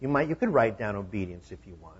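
A pastor preaching a sermon in a conversational style, driving points home with emphatic repeated phrases. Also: male voice, on the low side, animated, fast talker, slightly rough, dull audio.

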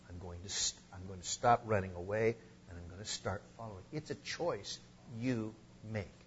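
A man preaching a sermon, earnest, with slow emphatic stresses. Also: fairly low pitch, fairly bright tone, dull audio, slight background noise. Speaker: pastor.

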